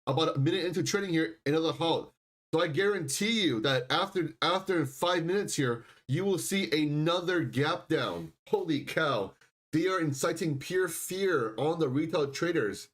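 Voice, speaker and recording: A man hosting a live stock and crypto stream, talking insistently and repeating himself, often clearing his throat. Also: fairly high pitch, expressive, moderate pace, a bit bright. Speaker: livestream stock and crypto host. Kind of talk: live market commentary.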